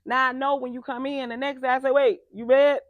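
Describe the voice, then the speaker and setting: A woman life coach giving a passionate motivational talk, emphatic and turning loud and animated when making a point. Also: sits high, fast, dry recording, muffled recording.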